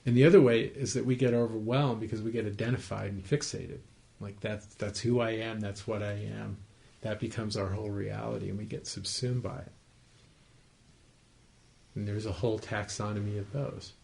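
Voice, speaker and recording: A man's voice: lowish voice, fairly even intonation, moderate pace, gravelly. A man teaching meditation to a small group in a home, in a conversational style that often checks whether the listeners follow. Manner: conversational, gently explaining, asks the listeners to confirm they follow. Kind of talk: dharma talk to a group.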